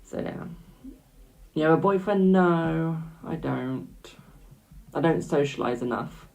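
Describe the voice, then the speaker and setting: A man's voice: on the high side, takes it slowly, creaky, darkish tone, low-quality recording. A young British man doing tarot readings on a live stream, chatting casually and calling viewers "my darling".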